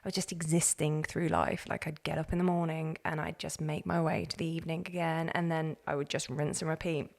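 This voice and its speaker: A woman, a podcast guest telling her own story in an earnest, animated way. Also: fairly low pitch. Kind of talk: candid personal story.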